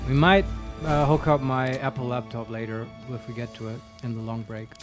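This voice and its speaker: A man's voice: medium pitch, fairly even intonation, fairly quick, loud music behind the voice. A man co-hosting a live video game stream, chatting casually, explaining the game and joking with chat.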